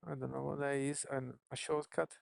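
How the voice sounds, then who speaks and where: Very gravelly voice thinking aloud while coding. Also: mid-range voice, flat delivery, no room sound, clean studio sound. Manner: musing, self-questioning, unhurried. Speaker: app developer streaming live.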